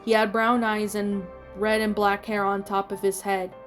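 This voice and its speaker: Woman reading a story over soft music. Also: mid-range voice, normal speed. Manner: steady storytelling with small slips. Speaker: fan fiction reader. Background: faint music.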